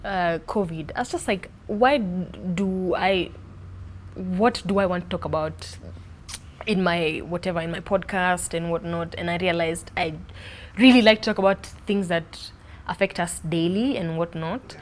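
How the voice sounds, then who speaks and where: A young woman, answering interview questions in an animated, expressive way about her life and podcast. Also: lowish voice, measured pace. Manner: animated, expressive, playful with accents. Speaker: podcast host being interviewed. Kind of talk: casual interview chat.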